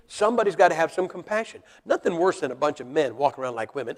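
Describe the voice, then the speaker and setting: A fast-talking man with a fairly high voice preaches to a congregation in a church hall. He takes a blunt, folksy tone and keeps asking rhetorical questions. Long reverb from the large hall is present.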